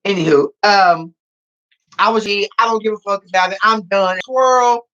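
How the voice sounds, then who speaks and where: A man's voice: high voice, fairly even intonation, normal speed, bright, forceful tone, highs cut off. Sassy man giving dramatic commentary. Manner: sassy, dramatic, repeats phrases for emphasis. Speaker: reality TV cast member reviewing his show. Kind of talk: casual podcast commentary.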